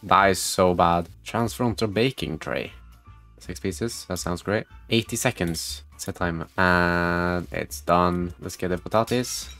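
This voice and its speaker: A gaming video creator with a fairly low voice gives slow-paced running commentary as he plays. He reads on-screen text aloud, swears freely, and swings between muttering and loud outbursts over faint background music.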